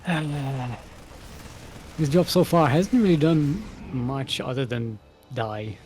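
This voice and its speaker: Slow and a little mellow, this medium-pitched male caster commentates a live strategy match with a relaxed, joking style, laughing often between calls on the action. Soft background music is audible.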